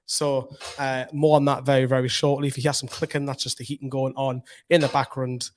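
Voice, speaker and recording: A man with a Geordie accent hosts a football fan channel, chatting to camera from a room at home in an excitable, rambling way, his voice slightly hoarse from shouting. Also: medium pitch, a little fast, slight background noise. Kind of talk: casual football chat to camera.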